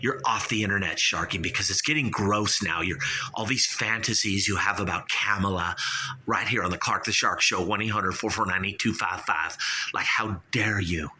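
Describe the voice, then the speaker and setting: A man's voice: lowish voice, normal speed, sharp tone, slight background noise. A man voicing stern male federal agents who scold and threaten.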